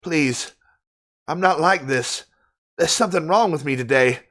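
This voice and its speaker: A woman's voice: sits low, expressive, moderate pace. Yuri, a woman voicing a shy, nervous schoolgirl. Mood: distraught. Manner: timid, hesitant, apologetic, repeating herself. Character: shy nervous teen girl club member. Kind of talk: voicing game dialogue in a let's play.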